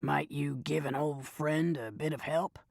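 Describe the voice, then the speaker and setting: Wheedling old male panhandler, raspy drawl, deep and dark, put on by a woman narrator. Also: steady tone, measured pace, no room sound, clean studio sound, heavily acted.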